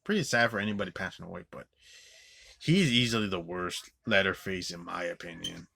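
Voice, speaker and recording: Man, low-ish voice with a sharp edge, profane rambling reviewer. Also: brisk, vocal fry, slightly rough. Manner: rambling with constant "like" fillers and restarts; swears often, scornful. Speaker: movie reviewer. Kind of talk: profane ranting movie review.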